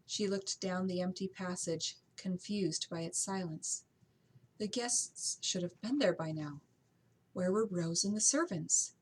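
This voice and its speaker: A woman narrating a novel as an amateur audiobook reading, steady with occasional slips and restarts. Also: fairly low pitch, a little slow, slight background noise, low-quality recording.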